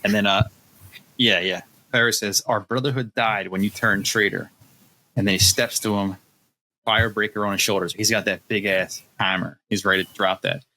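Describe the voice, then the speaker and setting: A man's voice: fairly low pitch, fairly even intonation, moderate pace, sharp tone, low-quality recording. A man co-hosting a podcast, retelling a novel's scenes in loose casual chat and acting out the quotes with plenty of laughter. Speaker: podcast co-host.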